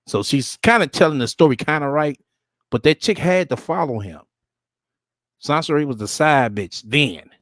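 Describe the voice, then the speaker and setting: A man's voice: fairly high pitch, lively intonation, normal speed, a bit bright, no room sound, studio quality. A man hosting a show and commenting bluntly and profanely on a played video. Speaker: host reacting to a clip.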